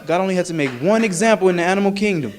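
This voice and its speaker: A male minister preaching a sermon in an animated, humorous, conversational way. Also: high voice, rapid-fire, crowd noise.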